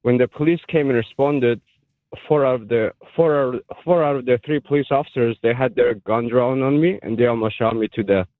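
Halting male caller on a phone line. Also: mid-range voice, no echo. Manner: halting, many fillers. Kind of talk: call-in radio chat.

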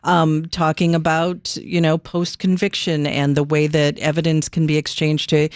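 A radio host taking listener calls, speaking in a gentle, measured way with some fillers. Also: mid-range voice, level tone, no room sound, studio quality. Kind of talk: call-in radio hosting.

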